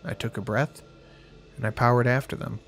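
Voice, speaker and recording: A man's voice: mid-range voice, steady tone, normal speed, fairly bright tone. A man narrating a horror story in the first person, with a wry storytelling manner. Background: faint music.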